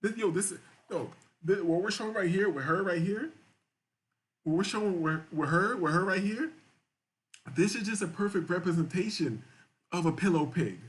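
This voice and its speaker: A man with a slightly high voice hosts a live-stream show, reacting to viewer chats. His talk is crude and excitable. He rambles, restarts and repeats himself as he riffs. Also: moderate pace, pauses often. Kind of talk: casual profane live-stream commentary.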